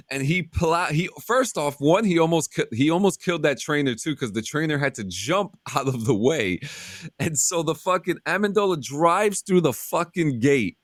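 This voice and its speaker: A man's voice: on the high side, normal speed, dry recording, clean studio sound. A man telling a story in a casual podcast chat. He swears a lot and acts out the people he quotes. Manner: animated, profane, acts out shouted quotes. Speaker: podcast host.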